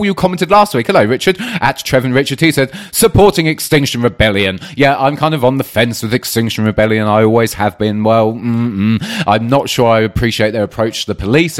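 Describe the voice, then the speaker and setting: Male host, chatty and wry, solo talk show, reads listener tweets with plenty of ums. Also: medium pitch. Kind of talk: casual solo commentary.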